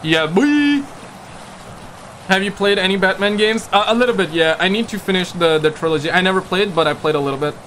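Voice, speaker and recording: Speaking fast with hardly any pauses, this livestreamer has a high-pitched, fairly bright voice over slight background noise. He's from Pakistan, a native Urdu speaker, and he jokes, rambles, and tosses out playful slang while reading viewer comments aloud in a casual chat.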